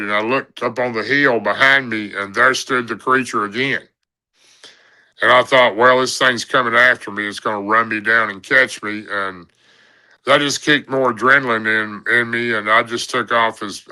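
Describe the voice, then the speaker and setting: A man's voice: mid-range voice, pushed and bright, poor audio. A middle-aged man, telling a story as a guest on a radio show. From Tennessee. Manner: plain-spoken storyteller.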